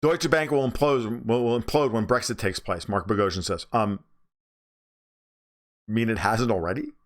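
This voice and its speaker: A man's voice: fairly low pitch, moderate pace. A man with a New York accent hosting a livestream, talking bluntly and profanely while reading viewer comments. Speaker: livestream host.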